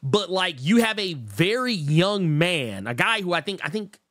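A man co-hosting a casual podcast chat, talking in quick bursts with many stammered restarts and reading out viewer comments. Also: high-pitched, very animated, fairly bright tone, no echo, studio quality. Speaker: podcast co-host.

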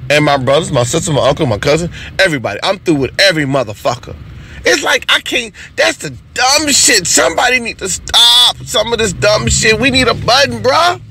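A man in an unscripted comedy monologue, ranting in a profane, animated way. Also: high-pitched, a little fast, a little hiss or hum.

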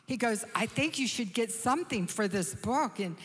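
Woman w/ telling animated church stories, very expressive, reverby hall. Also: a little high, moderate pace, husky. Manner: animated, acts out quoted voices. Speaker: conference speaker. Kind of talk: lively storytelling from the stage. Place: large church auditorium.

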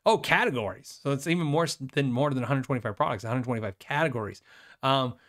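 A man hosting a live guitar show, chatting casually and rambling, with fillers and quick self-deprecating laughs. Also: mid-range voice, fairly bright tone. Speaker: host of a guitar livestream. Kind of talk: casual live chat reading viewer questions.

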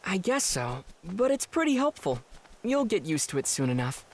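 A woman voicing a kind, calm teenage boy swordsman who speaks steadily and politely, in an anime fan dub. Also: fairly low pitch, normal speed, slight background noise.

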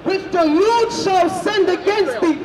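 A woman reading scripture aloud for a street preacher, in a steady, declaiming way. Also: very high-pitched, takes it slowly. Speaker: scripture reader. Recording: echoey, from far off, crowd behind.

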